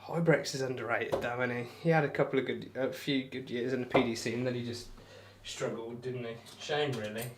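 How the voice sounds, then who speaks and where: Against a noisy background, a young man throwing darts on a stream talks briskly with few pauses. His mid-range voice has fairly even intonation as he rambles casually, pokes fun at himself, and reads out and replies to chat.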